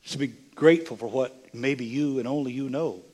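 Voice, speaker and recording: An older man, a bishop, preaching a sermon with impassioned delivery that swings from hushed, near-whispered moments to loud, emphatic lines. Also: mid-range voice, moderate pace.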